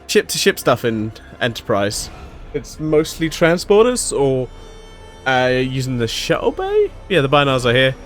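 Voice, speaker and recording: A man giving a casual, rambling solo recap of a TV episode, full of fillers, restarts and swearing. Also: mid-range voice. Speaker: episode reviewer.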